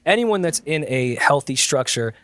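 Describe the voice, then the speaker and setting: A man's voice: fairly high pitch, big pitch swings, normal speed, fairly bright tone, no echo. A male podcast host who banters with his guest and throws out provocative jokes. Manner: joking, provocative.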